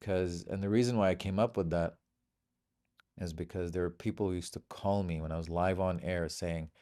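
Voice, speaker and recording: A man's voice: low voice, steady tone, moderate pace, dark tone. A middle-aged man from Bahrain, a comedian guest telling stories in casual chat and acting out the voices of people he quotes.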